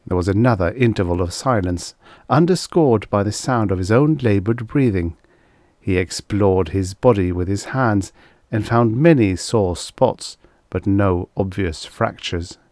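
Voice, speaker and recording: A man narrating a vintage science fiction story in a steady, measured reading. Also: lowish voice, dry recording, studio quality. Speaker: audiobook narrator.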